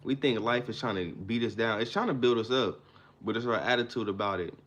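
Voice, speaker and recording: A man's voice: on the low side, brisk, a bit bright. A man hosting a livestream, giving an emphatic motivational talk in a repetitive, preacher-like cadence. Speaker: livestream host.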